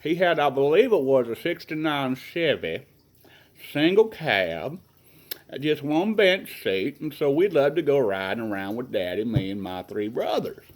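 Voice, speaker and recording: In this rough recording, a middle-aged vlogger shares his family history through casual personal storytelling. His medium-pitched voice has lively intonation and moves a little slowly as he rambles earnestly and folksily through childhood memories.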